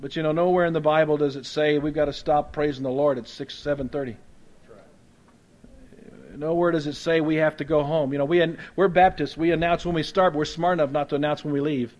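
A man gives a Baptist sermon in a folksy, conversational manner, with comic asides and shifts from loud emphasis to gentle quiet. His voice is on the high side with fairly even intonation and a fairly quick pace, and the audio sounds dull.

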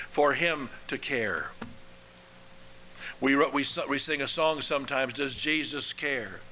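A man preaching a sermon in a slow, earnest way, letting his phrases drop softly at the ends. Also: fairly high pitch, slight background noise, rough recording.

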